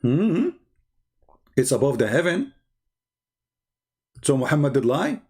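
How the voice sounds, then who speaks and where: Gravelly, sarcastic man reacting to clips. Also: mid-range voice, sing-song, takes it slowly, darkish tone. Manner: sarcastic, repeats words for effect, non-native phrasing. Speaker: commentator reacting to videos. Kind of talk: mocking reaction commentary.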